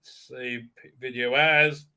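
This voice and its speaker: Sharp-voiced, sarcastic male streamer. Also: mid-range voice, steady tone, smooth. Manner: sarcastic, scornful, halting. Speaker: livestream host. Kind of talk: ranting pop-culture commentary.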